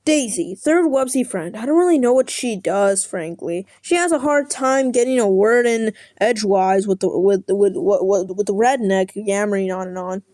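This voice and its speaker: A woman's voice: medium pitch, normal speed, hardly any pauses, dark tone, no echo. Sarcastic young woman reading aloud. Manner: sarcastic, profane, stumbles over words. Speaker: content creator. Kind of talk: reading an article aloud with commentary.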